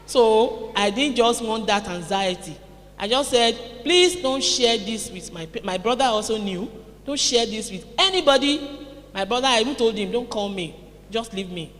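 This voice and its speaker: Nigerian lady giving a lively motivational seminar talk, keeps calling out to the crowd, echoey hall. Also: on the high side, normal speed. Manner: lively, calls out to the audience. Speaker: seminar speaker. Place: conference hall.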